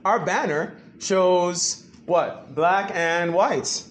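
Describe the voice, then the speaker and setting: A man preaching a sermon to a church congregation, animated and full of rhetorical questions. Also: high voice, very slow, a little hiss or hum. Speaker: pastor.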